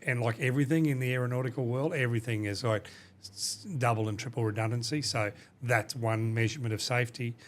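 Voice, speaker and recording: A man's voice: medium pitch, steady tone, quick pace, a little hiss or hum. A man, a company boss, talking casually in a podcast interview, explaining at length with many restarts and "you know". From Australia. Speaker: company CEO, guest.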